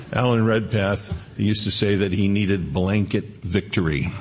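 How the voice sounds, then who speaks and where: A man's voice: on the low side, fairly even intonation, takes it slowly, a little mellow. A middle-aged male pastor preaching a sermon in a conversational way, with homely asides and scripture read aloud.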